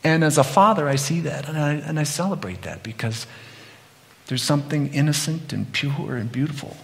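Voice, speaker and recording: A middle-aged man giving a conversational sermon, telling animated stories and acting out quotes. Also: fairly high pitch, moderate pace, creaky. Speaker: pastor. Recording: long hall reverb.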